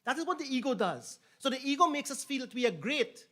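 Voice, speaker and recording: A man's voice: very high-pitched, big pitch swings, quick pace, pushed and bright. A man giving a sermon as a pundit, telling the story with repeated phrases and rising emphasis on key points. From Trinidad and Tobago. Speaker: pundit officiating a yagna.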